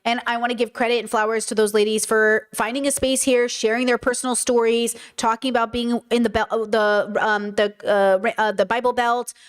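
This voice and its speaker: A woman's voice: a little high, level tone, a little fast, hardly any pauses, smooth. A woman doing casual livestream commentary, reacting to a clip and pressing her chat with emphatic rhetorical questions. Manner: casual, addresses viewers as girlies. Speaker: streamer reacting to videos.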